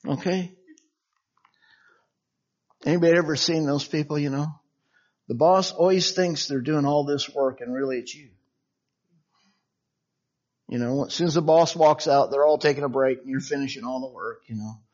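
Chatty high-voiced male preacher, lo-fi. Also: normal speed, pauses often, a little mellow. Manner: chatty and conversational, frequent "you know" and chuckles, acts out quoted dialogue. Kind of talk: informal sermon. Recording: dull lo-fi sound.

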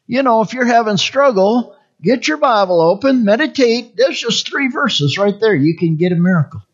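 A preacher delivering a sermon, repeating scripture phrase by phrase and swinging from hushed whispers to loud cries. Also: mid-range voice, animated, normal speed, dull audio. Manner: dramatic swings between whispers and shouts.

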